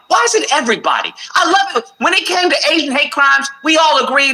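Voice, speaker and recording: A man's voice: very high voice, expressive, fast, bright, forceful tone, low-quality recording. A man hosting a call-in livestream, ranting furiously and swearing at callers. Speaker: call-in show host. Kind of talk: heated call-in livestream argument.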